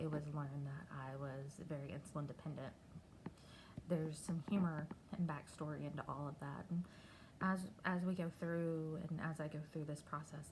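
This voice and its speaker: A middle-aged woman from Texas, talking candidly and haltingly in a personal video diary. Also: deep voice, a little mellow, slight background noise, low-quality recording. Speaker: vlogger.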